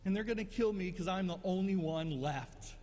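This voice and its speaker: A man's voice: high voice, normal speed, a little mellow, long reverb tail, natural voice. A man playing the prophet Elijah as a frightened, aggrieved man pleading his case.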